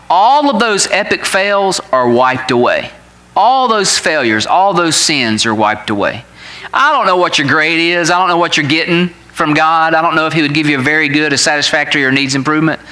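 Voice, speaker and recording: A man in his forties, a pastor, telling a family story in a sermon in an animated way, laughing at his own tale. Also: fairly high pitch.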